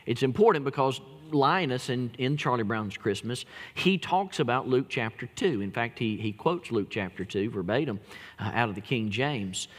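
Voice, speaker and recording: A man's voice: medium pitch, animated, moderate pace, long reverb tail. A man preaching a sermon as pastor, telling folksy jokes and stories with emphatic delivery. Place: church.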